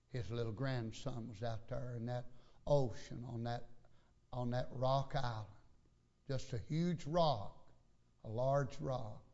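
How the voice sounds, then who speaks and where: A man's voice: medium pitch, a little mellow. An older man preaching a sermon and telling a story in a folksy, emphatic way. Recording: lo-fi recording.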